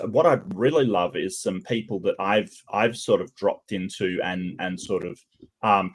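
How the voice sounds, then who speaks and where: A man with an English accent hosts a loose group chat, rambling and conversational. His voice sits somewhat low. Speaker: host.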